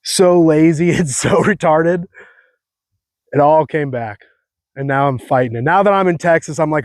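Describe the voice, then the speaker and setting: A man from California talking in a casual monologue, animated and rambling, mocking himself, full of fillers. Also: fairly high pitch, moderate pace, dry recording, clean studio sound. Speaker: vlogger.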